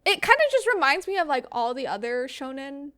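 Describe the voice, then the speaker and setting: A young adult woman co-hosting a podcast in casual chat, giggly and animated, often acting out characters' lines. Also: sits high, brisk. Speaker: podcast co-host.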